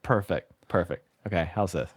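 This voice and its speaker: A man's voice: low-pitched, moderate pace, slightly rough, dry recording, studio quality. A man co-hosting a podcast, joking and mocking himself in casual chat. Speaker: podcast co-host.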